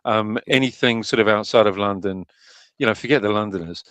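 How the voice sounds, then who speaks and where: A man's voice: on the low side, brisk, a bit bright, clean tone, dry recording. A man chatting casually, hesitant, with many fillers and restarts. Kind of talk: casual chat.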